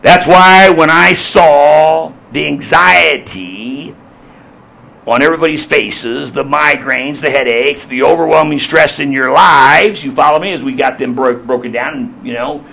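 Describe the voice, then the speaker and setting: A male pastor preaching a sermon, emphatic and repetitive, swinging between loud appeals and hushed asides. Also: on the high side, measured pace, creaky.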